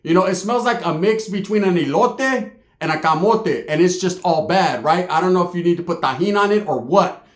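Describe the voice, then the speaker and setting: A man's voice: sits high, fairly quick, echoey room. A man telling a comedic story in a casual, profane, streetwise way, peppered with slang.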